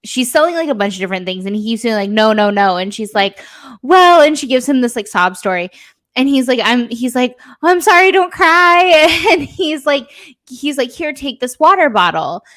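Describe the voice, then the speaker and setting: A woman co-hosting a podcast, chatting casually with a slightly high voice. She retells scenes with animated energy, dropping into quick acted-out lines for each character. Her speech is full of casual fillers. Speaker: podcast co-host. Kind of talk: casual chat recapping a show.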